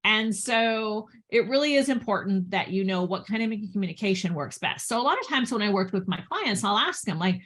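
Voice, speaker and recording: A woman's voice: medium pitch, animated, brisk, hardly any pauses, a bit bright. A woman business coach talking casually about communication, chatty, with frequent "right?" and "you know" and laughs between points. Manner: chatty, lots of fillers and tag questions.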